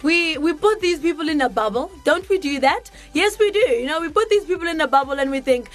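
A woman hosting a Christian radio show, talking with animated energy and answering her own rhetorical questions. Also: high-pitched, brisk, faint music behind. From South Africa. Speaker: radio host.

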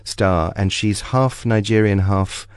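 A man's voice: on the low side, fairly even intonation, slow, smooth, no room sound, clean studio sound. A man from South Africa, a film director, talking as a guest on a radio interview, reflective and anecdotal with frequent ums and restarts. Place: radio studio. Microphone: studio microphone.

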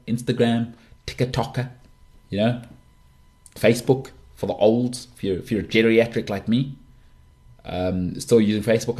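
A man's voice: lowish voice, a little mellow. A middle-aged man hosting a solo sports podcast, talking in an opinionated, emphatic way with frequent restarts. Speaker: podcast host.

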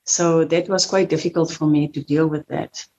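A middle-aged woman giving a halting, emotional personal account as an interview guest. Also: deep voice, fairly even intonation, darkish tone, muffled recording, slight background noise. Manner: halting, repeats words, spoken fillers. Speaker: survivor guest.

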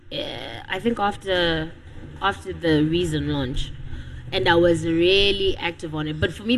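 A woman in her twenties, a singer, answering questions in a casual radio interview in a soft, easygoing way. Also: fairly low pitch, slight background noise, low-quality recording. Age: 20s. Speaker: guest singer.

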